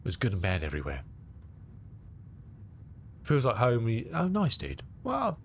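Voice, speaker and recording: A man's voice: mid-range voice, huge pitch swings, measured pace, pauses often, slight background noise. A middle-aged man from England with a cold, chatting casually with his live-stream viewers and rambling as he answers their comments. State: has a cold. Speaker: flight sim streamer.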